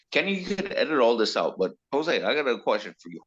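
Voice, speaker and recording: A man's voice: medium pitch, husky, dull audio. A man from California, blunt and joking and swearing freely in a casual podcast chat. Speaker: podcast guest.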